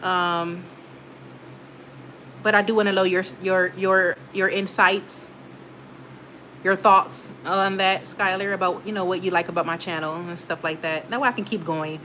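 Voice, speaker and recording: A woman's voice: fairly low pitch, fairly even intonation, measured pace, sharp tone, slight background noise. A young woman hosting a casual livestream, chatting straight to her viewers and reading their comments, rambling with many fillers. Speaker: channel host reading live chat.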